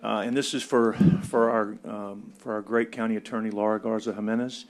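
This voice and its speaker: A man's voice: fairly low pitch, level tone, a little fast. A man serving as county commissioner hesitantly presents a motion at a public meeting, with many fillers. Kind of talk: formal remarks at a public meeting.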